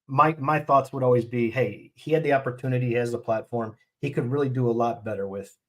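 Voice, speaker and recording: A man's voice: medium pitch, fairly quick. A fired-up man hosting a casual live stream, ranting bluntly and talking to his chat.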